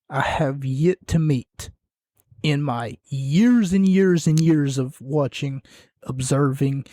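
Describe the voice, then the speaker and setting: A man's voice: mid-range voice, mellow, dry recording, clean studio sound. A man hosting a podcast, giving casual wrestling commentary in a sarcastic, mocking rant. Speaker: podcast host.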